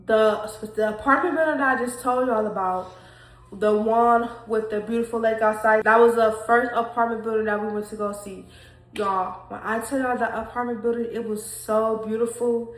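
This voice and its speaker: A young woman tells her testimony in a casual vlog, speaking straight to her viewers, emotional and repeating her points. Her voice sits a bit high, and the room around her rings with echo. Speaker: vlogger sharing a faith testimony. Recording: echoey room.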